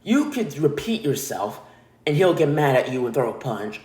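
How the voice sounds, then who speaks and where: A man hosting a podcast, telling a story in a blunt, animated, profane way. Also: mid-range voice, moderate pace, echoey room. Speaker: podcast host. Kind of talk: casual storytelling monologue.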